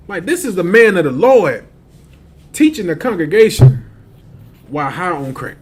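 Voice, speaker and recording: A man's voice: high-pitched, big pitch swings, moderate pace, long pauses. A man telling a long street story in casual slang, laughing often and acting out the other voices.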